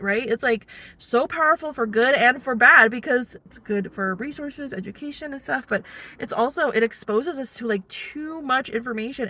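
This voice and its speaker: A young woman, a first-time mom, talking in a casual confessional vlog, chatty and full of "like" and "you know". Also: sits high. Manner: chatty, lots of "like" and "you know", animated quoted voices. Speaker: vlogger and new mom.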